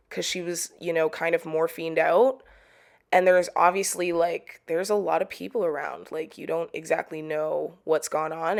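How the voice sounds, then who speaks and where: A young woman chatting casually to camera about a TV episode, animated and slangy. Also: on the low side, gravelly, echoey room. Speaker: video creator reviewing a TV episode.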